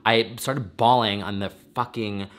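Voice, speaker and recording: Bright-voiced man talking through tears. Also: lowish voice, fairly even intonation, a little slow. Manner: effusive, rambling, swearing, emotional. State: teary and emotional. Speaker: vlogger and podcast host. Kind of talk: casual emotional vlog monologue.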